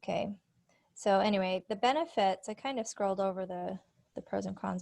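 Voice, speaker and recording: A woman's voice: medium pitch, gravelly, a little mellow. A woman in her forties, a speech-language pathologist, presenting teaching activities to teachers on a computer call in a friendly, explanatory way. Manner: friendly, explanatory, with frequent fillers. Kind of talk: conference presentation, screen-share walkthrough.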